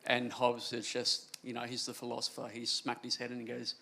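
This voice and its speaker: Gravelly, bright-voiced man comedian. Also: medium pitch, completely flat delivery, brisk. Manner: jokey storytelling, loose and rambling. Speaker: comedian panelist. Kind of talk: panel discussion.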